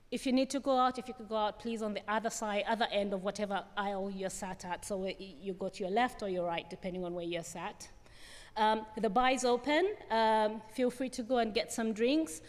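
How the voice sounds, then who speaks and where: Woman organiser, halting venue announcements, fairly high voice, echoing hall. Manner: hesitant, many fillers and restarts. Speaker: event organiser giving notices. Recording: long hall reverb.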